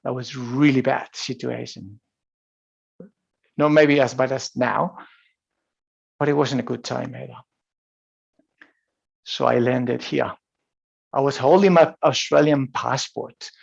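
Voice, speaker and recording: A man's voice: mid-range voice, fairly even intonation, slow pace, gravelly, pauses often, breathy edge, dull audio. A man from Spain with a Spanish accent, telling a personal story as a motivational coach. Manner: storytelling, with frequent restarts and laughs. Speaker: high performance coach. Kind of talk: motivational talk.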